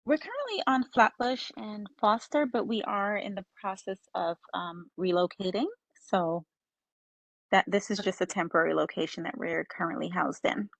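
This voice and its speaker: A woman calling into an online meeting from her phone, explaining her school in a polite, measured way. Her voice sits mid-pitched and the sound is dry and close. At times she sounds a little unsure of her details. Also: animated, gravelly, fairly bright tone, no echo, rough recording. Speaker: school founder and head. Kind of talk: answering questions at a meeting. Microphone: phone on a video call.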